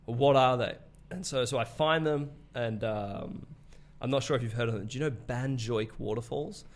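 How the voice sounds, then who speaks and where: A man's voice: mid-range voice, normal speed, a little hiss or hum. Young Australian man guesting on a podcast, loose and profane storyteller. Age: 20s. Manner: swears freely, laughs often, loose storytelling. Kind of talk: casual conversation.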